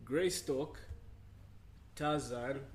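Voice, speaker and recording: Animated man retelling a movie. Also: mid-range voice, very slow, a little hiss or hum. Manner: animated storytelling, laughs while retelling scenes. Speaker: podcast co-host. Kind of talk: casual movie chat.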